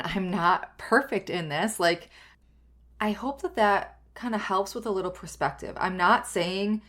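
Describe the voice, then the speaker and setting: A woman's voice: fairly low pitch, fairly bright tone. A young adult woman hosting a solo podcast, talking earnestly in a rambling way with many fillers and restarts. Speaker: podcast host.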